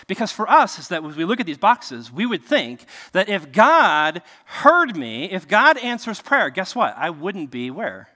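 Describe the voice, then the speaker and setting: Man, pastor, sermon, lively swooping pitch, echoey sound, casual rhetorical questions. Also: a little slow, few pauses. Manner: conversational, rhetorical questions, frequent "like". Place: cramped enclosed space.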